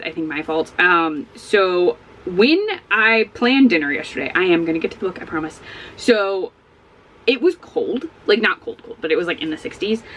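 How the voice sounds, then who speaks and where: A woman's voice: lowish voice, slight background noise, poor audio. A sleepy woman chatting casually at home in a book vlog, rambling and often breaking off mid-thought. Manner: rambling, self-interrupting, animated. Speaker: book vlogger. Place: at home with a barking dog nearby.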